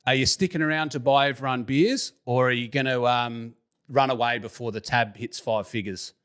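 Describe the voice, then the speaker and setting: An Australian man hosting a casual podcast interview, joking and laughing as he fires off quick questions. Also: medium pitch, a bit bright, smooth. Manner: jokey, laughs often, quick-fire questions. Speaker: podcast host.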